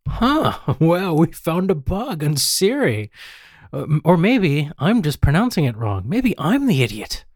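Rambling Australian radio host. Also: male voice, a little high, very animated, a little slow, darkish tone, dry recording, studio quality. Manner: rambling, self-mocking, stumbles over names. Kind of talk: casual radio banter.

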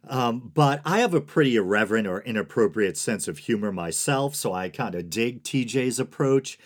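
A man hosting a solo podcast, talking in a monotone, sedated way with dry, sarcastic asides and soft laughs. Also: lowish voice. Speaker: podcast host.

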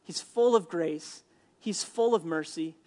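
A male pastor from Minnesota preaching a sermon in a church, animated and jokey, acting out the people he quotes. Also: on the high side, a little slow. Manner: animated, jokey asides, acts out quoted lines.

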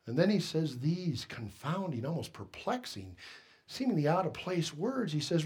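A man preaching a sermon in a church as pastor, swinging between loud emphasis and hushed tones and putting questions to the congregation. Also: fairly high pitch, very animated, moderate pace, husky.

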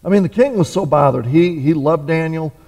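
In a reverberant hall, a man delivers a sermon in a conversational style, full of fillers, rhetorical questions, and sentences he starts over. He sounds slightly high, brisk and mellow.

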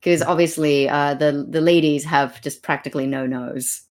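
A woman's voice: sits low, steady tone, normal speed, darkish tone. A woman co-hosting a podcast, chatting with amusement about a comic, with lots of fillers. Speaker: podcast co-host. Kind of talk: casual discussion of a comic.

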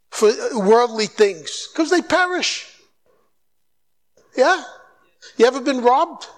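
A man with a notably high voice preaches a fervent sermon. He presses his listeners with quick questions and plays out little back-and-forth dialogues, his voice climbing as he urges them on. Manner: exhorting, animated, mimics dialogue. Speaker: guest preacher.

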